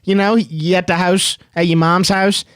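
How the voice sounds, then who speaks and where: Chill new dude hosting sports talk, rambly, dry close sound. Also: male voice, sits high, flat delivery, normal speed, a bit bright, clear, resonant tone, dry recording. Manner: laid-back, loose and rambling, lots of "um" and "dude". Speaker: host.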